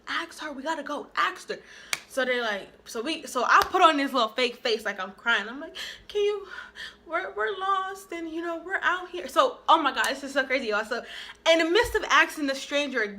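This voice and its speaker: Young woman, storytime vlog, animated, acts out lines, higher voice, bright tone. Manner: animated, acts out quoted dialogue. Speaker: vlogger.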